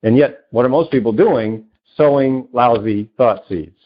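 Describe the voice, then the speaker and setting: A man being interviewed as a self-help coach, talking with enthusiasm and acting out little dialogues. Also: measured pace. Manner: enthusiastic, acts out dialogue with big pitch jumps. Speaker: self-help author and coach, podcast guest. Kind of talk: animated interview talk. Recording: dull lo-fi audio.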